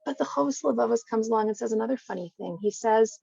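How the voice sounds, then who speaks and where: A woman guest speaker giving an online Torah talk in a lively, conversational teaching manner. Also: fairly high pitch, fast talker, gravelly, slightly rough. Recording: dry, slightly dull recording.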